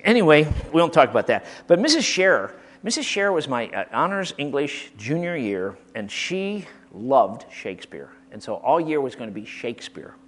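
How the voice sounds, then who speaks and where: A man from Michigan telling comic anecdotes about his old school teachers in a casual storytelling style. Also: medium pitch. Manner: animated, comic, acts out quotes, frequent restarts.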